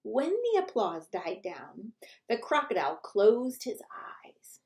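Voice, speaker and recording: A woman librarian reading a picture book aloud to children, animated and theatrical, dropping into whispers for suspense. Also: medium pitch, measured pace. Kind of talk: children's read-aloud storytelling.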